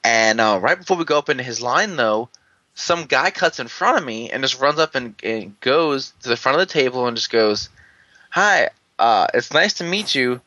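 A man's voice: mid-range voice, lively intonation, brisk, pushed and bright, no echo. A man telling a rambling convention story in casual chat, full of fillers and restarts, chuckling as he goes. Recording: dull lo-fi dry recording.

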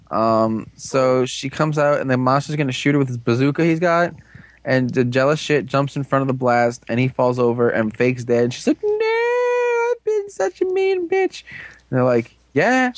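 A man casually recapping a TV episode, rambling and joking with quick asides. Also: medium pitch, no room sound. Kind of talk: casual chat.

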